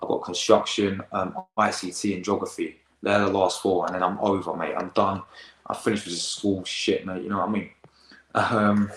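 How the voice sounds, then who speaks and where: Teen male streamer, deep voice, rambling slangy chat, echoey room. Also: flat delivery, normal speed, a bit bright. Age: teens. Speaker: football reaction host. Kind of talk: casual live-stream chat.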